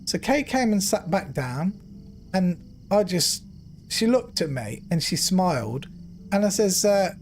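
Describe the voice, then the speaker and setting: A middle-aged man streaming a game, telling an emotional story in an earnest, animated way. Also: sits high, a little slow, slight background noise. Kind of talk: casual storytelling while gaming.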